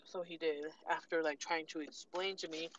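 A woman vlogger telling a casual story with animated, sassy delivery and acted-out quotes. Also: deep voice, normal speed, slight background noise, low-quality recording. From California. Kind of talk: casual storytime while eating.

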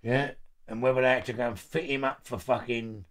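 A man's voice: medium pitch, fairly even intonation, fairly quick, a bit bright. Brief: middle-aged London man, casual storytelling, heavy swearing, frequent laughs. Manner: swears heavily, laughs often mid-story. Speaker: guest.

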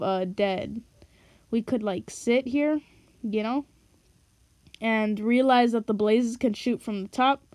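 A woman's voice: on the high side, a little mellow, no room sound. A woman giving casual, jokey gameplay commentary, mocking herself with dramatic asides. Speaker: gaming video narrator. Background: background music.

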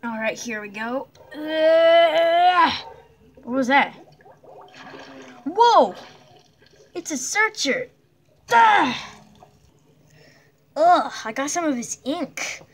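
A woman voicing a jumpy young blocky hero in a cartoon adventure, hesitant, with many nervous pauses and yelps. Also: high voice, animated. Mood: startled.

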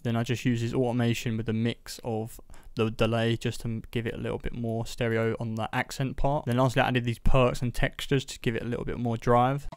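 Man calmly walking through a beat tutorial. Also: mid-range voice, fairly quick, few pauses, clean tone, dry recording. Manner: casual, steady step-by-step walkthrough with frequent fillers. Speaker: beat maker explaining his production. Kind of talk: voice-over music production tutorial.

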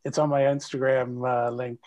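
A middle-aged actor chatting as a guest over a video call, telling animated stories and laughing often. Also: male voice, medium pitch, moderate pace. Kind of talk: casual video call interview.

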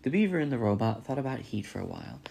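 A man's voice: mid-range voice, fast, gravelly, a little hiss or hum. A man reading a children's novel aloud, narrating steadily. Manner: steady storytelling. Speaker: reader.

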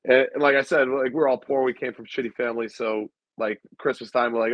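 A man who is a guest musician, telling stories in a relaxed, casual way with lots of fillers. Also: mid-range voice, brisk, dry recording, muffled recording. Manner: relaxed storyteller, many fillers. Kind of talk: casual chat.

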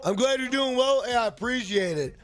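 A man's voice: very high voice, lively intonation, a little fast, a bit bright, faint music behind. A man live-streaming a game, chatting casually and profanely while reading viewers' messages aloud. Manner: rambling, profane, jokey, reads chat aloud. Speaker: gaming streamer.

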